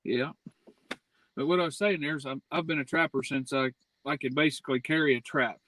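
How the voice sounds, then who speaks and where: An American man calling into a livestream, talking in a plainspoken, rough and folksy way. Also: fairly high pitch, steady tone, brisk, sharp tone, dry recording. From United States. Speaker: guest caller. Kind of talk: casual livestream chat.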